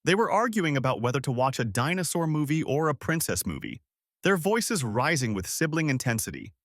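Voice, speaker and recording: Male storyteller, smooth scripted narration; animated pitch, dry. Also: brisk, no echo.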